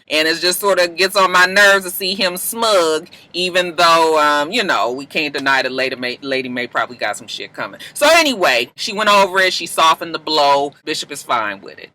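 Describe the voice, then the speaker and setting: Sassy, very bright-voiced woman. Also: lowish voice. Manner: animated, sassy, swears freely. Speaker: TV show reviewer. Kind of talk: casual recap vlog.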